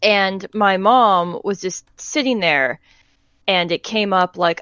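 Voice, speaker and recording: Woman podcast co-host, animated chatty storyteller, dry sound. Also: medium pitch, a little slow, no room sound. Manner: animated storyteller, laughs mid-sentence. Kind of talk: casual chat.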